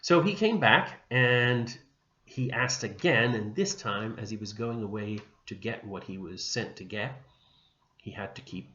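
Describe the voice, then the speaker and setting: A man with a lowish voice tells a saint's story to a class in a gentle, unhurried way. The recording is dull and muffled, echoing in a room with a faint hum behind him. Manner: gentle, unhurried retelling with small restarts. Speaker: religion teacher.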